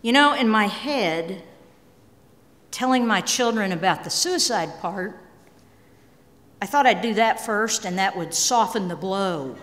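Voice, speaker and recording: A middle-aged woman giving a candid, emotional personal talk on stage, swinging between quiet and emphatic. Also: mid-range voice, lively intonation, measured pace, long pauses. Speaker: speaker. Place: large hall. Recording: long hall reverb.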